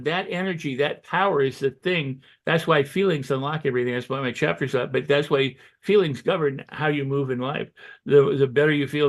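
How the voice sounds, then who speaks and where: A man giving motivational self-help advice as a guest, talking loosely and acting out excited self-talk in quick quoted asides. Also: mid-range voice. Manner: loose and conversational, with restarts and "you know". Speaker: guest on a holistic health show.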